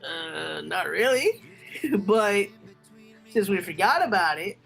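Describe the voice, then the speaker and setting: A woman co-hosting a casual podcast talk show, quick to laugh and tease. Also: fairly low pitch, lively intonation, vocal fry, a bit bright, husky, faint music behind. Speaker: podcast co-host.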